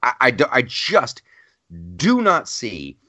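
A man co-hosting a podcast, talking politics in a heated, exasperated way and mimicking others in quick asides. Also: mid-range voice, huge pitch swings, sharp tone, no echo. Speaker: podcast co-host. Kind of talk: casual political chat.

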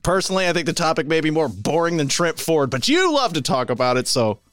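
A young man co-hosts a talk show, teasing and wry, his pitch swinging widely. His voice sounds dry, close and without room echo. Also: very animated, fast, fairly bright tone. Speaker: co-host. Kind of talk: casual political chat.

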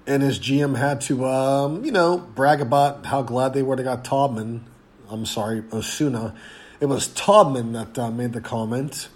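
A man's voice: mid-range voice, normal speed. A man hosting a sports podcast, congested and nearly voiceless, talking casually with frequent ums and restarts. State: congested, losing his voice. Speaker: podcast host.

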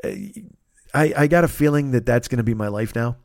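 Fast-talking, profane man in his fifties. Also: medium pitch, no room sound, studio quality. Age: 50s. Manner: profane, rambling, animated storytelling. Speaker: podcast host. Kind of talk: casual solo podcast monologue.

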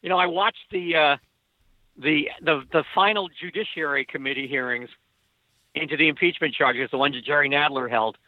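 A male author talking as a guest in casual conversation, halting and repeating words, laughing often, heard over a dull lo-fi remote line. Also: on the high side, no room sound.

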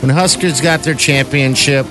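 A man co-hosting a radio talk show, excitable and emotional, jumping into the conversation often. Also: medium pitch, normal speed, music in the background. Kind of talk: casual studio banter.

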